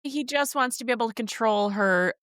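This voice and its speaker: A woman's voice: fairly high pitch, fairly quick, fairly bright tone, no echo, studio quality. A woman co-hosting a casual book-review podcast, making short, wry remarks. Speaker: podcast co-host.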